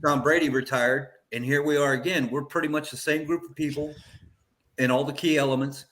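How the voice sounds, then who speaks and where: A man's voice: on the high side, steady tone, brisk, a bit bright. A man co-hosting a sports talk show, musing in a laid-back, hedging way.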